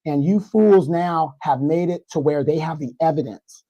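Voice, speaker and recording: A man with a congested, hoarse voice, guesting on a livestream discussion and ranting in mock outrage. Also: fairly high pitch, normal speed, warm tone, highs cut off. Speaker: guest commentator.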